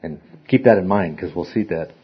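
A man's voice: low voice, brisk, breathy edge. A man teaching an interactive Bible study, rambling and often repeating words as he restarts his sentences. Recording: dull lo-fi recording.

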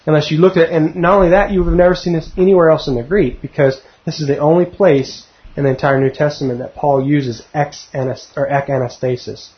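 A middle-aged man teaching verse by verse through a Bible passage, conversational and often putting questions to his listeners. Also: on the high side. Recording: dull lo-fi recording.

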